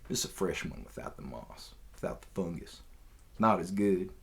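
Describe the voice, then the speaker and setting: A man putting on a lazy, very low Southern drawl. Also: animated, moderate pace, gravelly. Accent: put-on Southern US. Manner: rambling, self-mocking, loose. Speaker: podcast host. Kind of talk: casual storytelling monologue.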